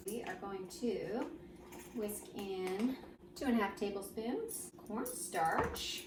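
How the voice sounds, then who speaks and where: A woman's voice: on the high side, sing-song, takes it slowly, distant mic, slight background noise. Playful woman baking in an echoey kitchen. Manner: goofy, jokes and chats to herself while working. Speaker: baking show host. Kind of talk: playful cooking demonstration.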